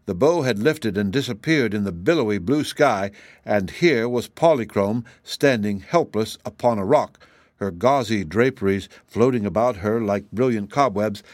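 A man giving measured, gentle scripted storybook narration as an audiobook reader. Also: on the low side, dry recording.

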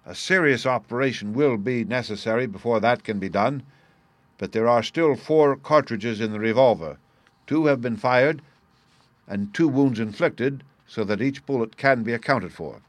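A man's voice: mid-range voice, normal speed, dry recording, natural voice. A man reading a middle-aged male country doctor who speaks earnestly and respectfully. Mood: factual.

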